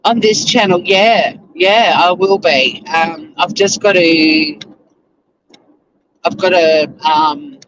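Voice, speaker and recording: Faint road noise from the car sits under a rough recording of a man whose voice is high, slow and a bit bright. He's a Tasmanian YouTuber, Australian-accented, chatting loosely on a live stream on his drive to work and filling his rambling with fillers.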